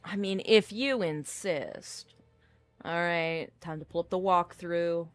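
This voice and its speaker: A woman's voice: fairly low pitch, takes it slowly, no echo, faint music behind. A woman streaming a game in casual chat, playful and trying out silly voices.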